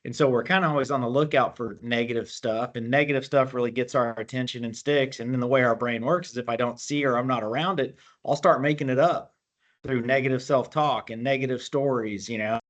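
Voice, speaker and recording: A man's voice: mid-range voice, fairly even intonation, brisk. A man speaking as a guest, explaining mental skills in a plainspoken way with military terms. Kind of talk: motivational talk on a call.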